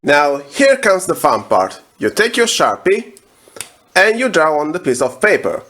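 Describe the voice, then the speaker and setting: A young man hosting a comedic music tutorial, explaining every step in a slow, deadpan way. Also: on the high side, a little hiss or hum.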